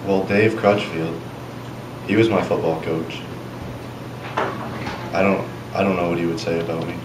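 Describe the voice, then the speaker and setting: A teenage boy playing a bumbling, overconfident teen dad of three who talks in awkward, hesitant boasts, recorded from far off in a noisy, echoey school room. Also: low voice.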